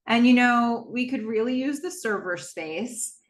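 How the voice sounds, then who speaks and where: A woman's voice: fairly high pitch, moderate pace, hardly any pauses. Chatty woman podcaster in an echoey room. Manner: chatty, laughs often, jumps into character voices. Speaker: podcast host recapping a TV episode. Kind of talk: casual recap with acted-out quotes.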